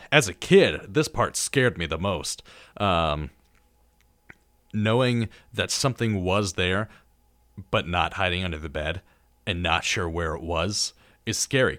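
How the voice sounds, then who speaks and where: A man's voice: on the low side, dry recording, studio quality. A young man hosting a radio talk show, casually retelling horror movie scenes with many ums and acted-out lines. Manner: relaxed storyteller, acting out scenes with many ums. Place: radio studio.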